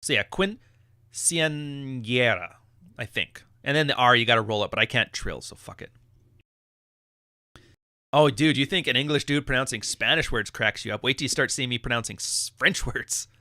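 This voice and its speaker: Male podcast host, forceful and profane, slightly high voice, dry close sound. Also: a little fast, no room sound. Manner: blunt, profane, laughing. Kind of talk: live podcast rant.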